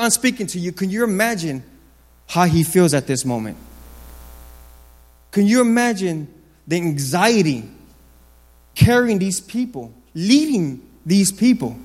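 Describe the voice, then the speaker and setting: A man preaching a sermon, emphatic and repetitive, swinging from loud lines to low, quiet ones. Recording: long hall reverb.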